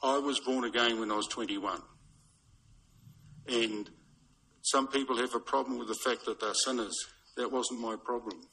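A man preaching a sermon in a measured, storytelling way. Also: mid-range voice, fairly even intonation, bright, forceful tone, a little hiss or hum, poor audio. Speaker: pastor.

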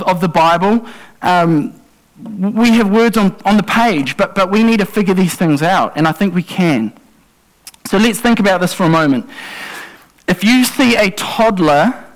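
Man, preacher, high voice, earnest, urgent, church sermon. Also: low-quality recording. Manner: earnest, urgent, acts out pleading and yelling.

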